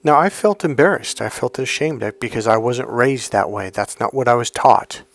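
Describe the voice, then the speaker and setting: Animated man telling a dating story. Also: normal speed, soft background music. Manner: animated storyteller, high-pitched when quoting his girlfriend. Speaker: dating coach. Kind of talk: storytelling monologue.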